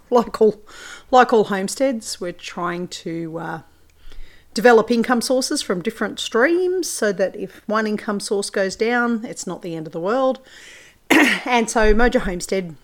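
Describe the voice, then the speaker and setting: A woman's voice: mid-range voice, animated, unhurried. A woman hosting her own farming podcast, talking in a chatty, informal way with plenty of fillers. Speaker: podcast host and farmer. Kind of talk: solo podcast talk.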